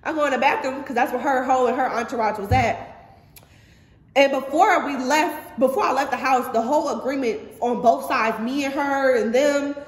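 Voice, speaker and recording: A woman's voice: sits high, normal speed. A woman telling a story in casual chat, profane and laughing often, talking to viewers as y'all. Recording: echoey room with long reverb and faint hiss.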